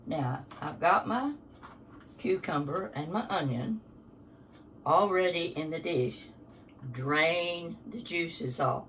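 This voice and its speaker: A woman's voice: sits low, slow pace, pauses often, fairly bright tone, far from the mic, slight background noise. An older woman hosting a casual home cooking demonstration, chatty and homespun as she works through a recipe. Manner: chatty, homespun, talks while working. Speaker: cooking show host. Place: home kitchen. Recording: kitchen sounds, voice somewhat off-mic. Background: clinking dishes and utensils.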